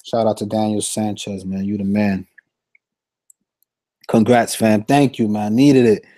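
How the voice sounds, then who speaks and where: Young guy on a fantasy sports stream, slangy and hyped, mellow tone, dry close mic. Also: on the low side, a little slow, no echo. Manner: slangy, animated, reads chat shout-outs. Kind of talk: casual live-stream chat.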